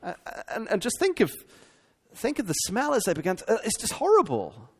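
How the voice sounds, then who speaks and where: Animated preacher with a high voice. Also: male voice, brisk, slightly rough, long reverb tail. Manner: animated, rhetorical questions to the congregation. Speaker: pastor. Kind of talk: sermon.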